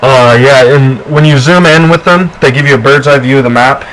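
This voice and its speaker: A young man talks through a video game in a chatty, rambling way, full of fillers and restarts. His voice sits at a middling pitch. A faint hiss runs under the recording. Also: fairly quick, a bit bright, rough recording. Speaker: co-host of a gameplay video. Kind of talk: casual gameplay walkthrough.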